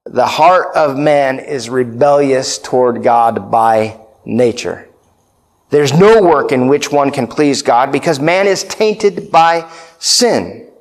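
A pastor preaching a sermon, emphatic, repeating key phrases and checking in with "right?". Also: male voice, medium pitch, expressive, slow.

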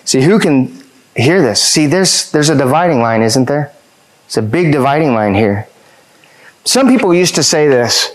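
A man's voice: medium pitch, expressive, normal speed, poor audio. A man preaching a sermon as pastor, reading scripture aloud and repeating questions for emphasis.

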